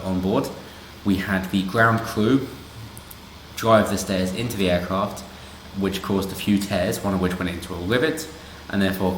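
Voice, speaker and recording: A man's voice: sits low, a little hiss or hum. A man doing casual commentary on a news story, sarcastic and rambling with asides. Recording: roomy echo.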